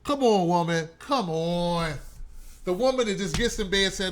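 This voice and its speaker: A host with a high, bright male voice runs a casual live stream, addressing his viewers directly at a normal speed. He's loud and animated, peppering his talk with jokes and preachy asides, and there's slight background noise.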